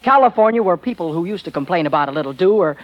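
A man hosting a 1940s radio variety show with quick, punning, energetic patter. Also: sits high, no room sound. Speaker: master of ceremonies. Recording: lo-fi 1940s radio broadcast with faint audience.

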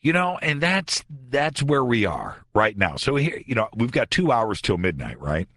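Late-night radio host, man, very low voice, husky, sarcastic studio monologue. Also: moderate pace, no echo. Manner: sarcastic, conversational, animated. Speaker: radio talk show host.

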